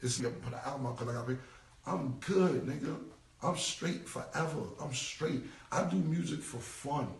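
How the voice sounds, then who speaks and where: This man in his forties, a rapper, responds through a casual, rambling livestream rant, profane and emphatic, repeating what he's said. His gravelly voice leans high and moves at normal speed. The mic is distant, the phone held away, and the room echoes.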